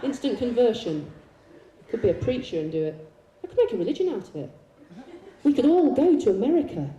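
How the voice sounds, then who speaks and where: A woman's voice: on the high side, sing-song, a little fast, warm tone, recorded from a distance, highs cut off, slight background noise. A woman performing a live stage monologue and a poetry reading, teasing the audience with playful banter. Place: large concert hall, live show. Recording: echoey hall recording.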